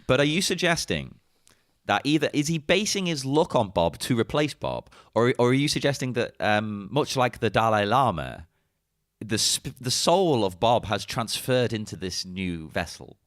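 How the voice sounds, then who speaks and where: A man's voice: mid-range voice, big pitch swings, normal speed, no room sound, studio quality. A man co-hosting a podcast, talking about a film with wry, playful, mock-serious humor. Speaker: podcast co-host. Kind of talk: casual film chat.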